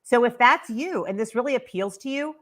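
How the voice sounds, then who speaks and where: A woman's voice: on the high side, lively intonation, brisk. A woman speaking as a guest on a livestreamed panel, enthusiastic and promotional, with plenty of ums along the way. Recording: online video call.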